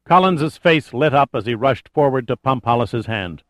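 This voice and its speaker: A man reading a thriller audiobook in steady, measured narration. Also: mid-range voice, dry recording.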